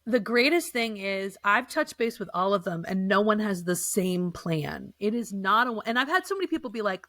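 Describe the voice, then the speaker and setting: A middle-aged woman, telling her own story in an earnest, animated way as a guest. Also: mid-range voice, moderate pace, few pauses, no echo. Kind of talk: casual chat.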